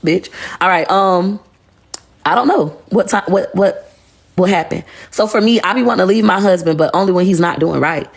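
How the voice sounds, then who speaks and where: A woman's voice: on the low side, normal speed, vocal fry. A woman, ranting bluntly and profanely on a phone livestream. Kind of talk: casual rant on a livestream.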